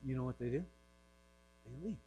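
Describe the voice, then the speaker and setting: A pastor giving a casual, joking sermon, dropping into quiet acted-out voices now and then, over a faint mains hum. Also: male voice, mid-range voice, moderate pace, poor audio. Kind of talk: conversational sermon.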